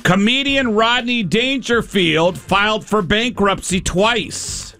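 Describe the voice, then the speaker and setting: A man's voice: high voice, takes it slowly, pushed and bright, soft background music. A man hosting a radio call-in quiz game, teasing the callers in a playful way. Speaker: radio show host running a call-in quiz.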